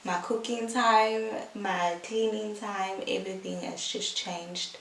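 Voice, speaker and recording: Young woman vlogger, unhurried and chatty, recorded a bit off-mic in an echoey room with faint hiss. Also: mid-range voice, fairly even intonation, a bit bright, recorded from a distance. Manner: chatty, heartfelt, fillers like "like" and "um". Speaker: vlogger, new mother. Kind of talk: casual vlog chat.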